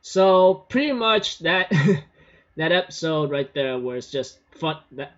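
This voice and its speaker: A man's voice: fairly high pitch, animated, takes it slowly, fairly bright tone. A man giving a casual, rambling anime episode recap, laughing often and filling his talk with "you know". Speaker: anime reviewer. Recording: muffled lo-fi recording.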